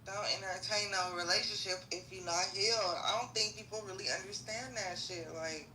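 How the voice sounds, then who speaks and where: Woman, very bright tense voice, profane comedic rant, slangy, roomy echo. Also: mid-range voice, steady tone, a little fast, a little hiss or hum.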